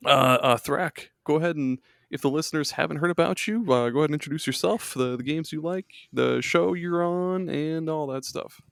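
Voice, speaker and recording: A man's voice: on the high side, normal speed, creaky, few pauses, fairly bright tone, no echo, clean studio sound. A man hosting a podcast, chatting casually and jokily, laughing often. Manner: laid-back, jokey, laughs often. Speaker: podcast host.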